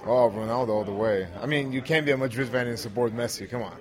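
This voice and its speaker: A man's voice: medium pitch, quick pace. A man being interviewed, answering in a confident, blunt way with short statements. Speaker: interview guest, pro wrestler. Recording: noisy crowd behind.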